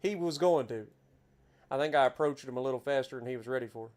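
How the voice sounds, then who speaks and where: A man with an Appalachian accent giving chatty, excitable commentary while playing a driving game. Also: mid-range voice, fast talker. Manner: chatty, easily excited, exclaims at scenery. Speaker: game streamer. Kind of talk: casual gameplay commentary.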